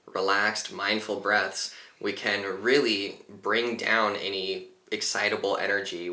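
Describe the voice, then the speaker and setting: Man, guided meditation teacher, calm and unhurried, lowish bright voice, echoey room. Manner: calm, unhurried, gently instructive.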